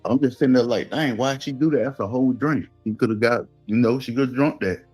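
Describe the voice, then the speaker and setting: A guest with a Southern Georgia accent tells a personal story in relaxed, casual talk, acting out what others said. His medium-pitched voice is quick with a breathy edge, over soft background music.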